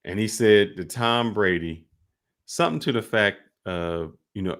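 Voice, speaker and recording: Animated low-voiced male podcast host. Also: measured pace. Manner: animated storytelling, often rising loud. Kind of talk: casual sports talk.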